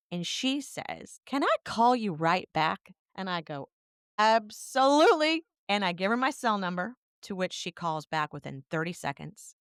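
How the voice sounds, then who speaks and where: A woman with a smooth, clear voice tells a personal story on a podcast, candid and animated as she goes. Her voice sits at a middle pitch and sounds dry, with little room in it. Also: no echo. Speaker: podcast co-host.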